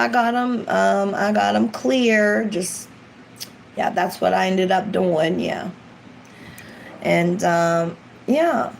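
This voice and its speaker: A woman's voice: medium pitch, creaky, a little hiss or hum, rough recording. A woman, an ASMR vlogger, chatting casually and rambling on a live stream, acting out quoted lines as she goes.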